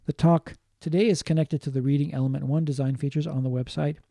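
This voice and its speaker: A man lecturing on linguistics in a mellow, fairly high voice, recorded dry and close. He explains patiently, repeating key points and slipping in short Japanese glosses. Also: steady tone, fast, creaky, no echo. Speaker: linguistics teacher. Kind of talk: online lecture.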